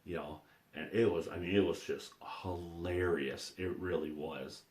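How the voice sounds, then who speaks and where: A man's voice: low voice, steady tone, measured pace, darkish tone, slightly rough. A man telling rambling personal stories in a casual vlog, repeating himself and restarting often. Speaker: vlogger. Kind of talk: casual storytelling. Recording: echoey room.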